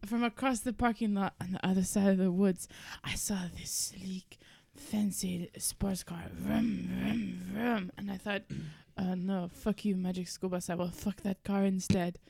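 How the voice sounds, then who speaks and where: A woman's voice: medium pitch, level tone, normal speed, creaky, few pauses, a little mellow, no echo, close to an everyday voice. Brief: eccentric Italian woman with a put-on accent, earnest and absurd, played by a woman in an improv scene. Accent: fake Italian accent. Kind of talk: improvised comedy role-play.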